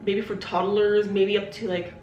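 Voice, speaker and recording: A woman's voice: mid-range voice, level tone, normal speed, recorded from a distance, highs cut off, slight background noise. A young woman hosting a casual solo podcast, rambling and chatty, often breaking off mid-sentence with lots of "like". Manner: rambling, chatty, full of "like" and self-interruptions. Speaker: podcast host. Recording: echoey room, voice a bit off-mic.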